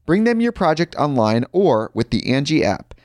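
A man reading a scripted advertisement in a smooth, upbeat promotional delivery. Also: a little high, sing-song, normal speed, darkish tone, dry recording, clean studio sound. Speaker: ad announcer. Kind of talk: scripted ad read.

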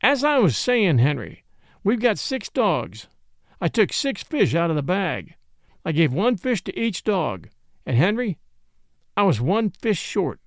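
A man voicing a gloomy, superstitious frontier dog-driver who talks in a slow, grave backwoods drawl. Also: sits high, very animated, no room sound, clean studio sound, full character voice. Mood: grave, insistent.

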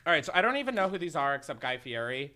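A young man hosting a comedy podcast, chatting casually in an excitable, gushing way and swearing freely into a studio mic. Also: on the high side, very fast. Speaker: podcast host.

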